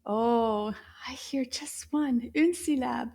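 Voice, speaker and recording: A woman teaching young children a language lesson, talking in a slow, exaggerated, animated way with frequent gasps and hushed whispers. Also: high-pitched, breathy edge.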